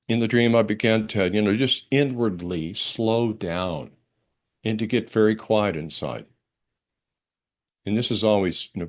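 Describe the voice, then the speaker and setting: Older man telling a dramatic sermon story. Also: lowish voice. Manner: expressive, dramatic storytelling with big swings between hushed and excited; conversational, with fillers and restarts. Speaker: minister. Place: church service.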